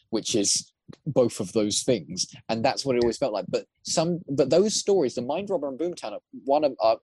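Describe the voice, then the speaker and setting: A man's voice: mid-range voice, a little mellow, no room sound. A man chatting as a podcast guest, eager and rambling, often restarting his sentences as ideas tumble out. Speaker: guest, voice actor and prop maker. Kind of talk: casual podcast chat.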